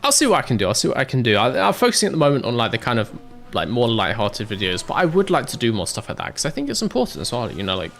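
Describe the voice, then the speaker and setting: A man's voice: medium pitch, wildly swooping pitch, rapid-fire, creaky, fairly bright tone, faint music behind. A young British man casually commentating a racing manager game, chatting and answering chat in a rambling, swearing way. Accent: British English. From Britain.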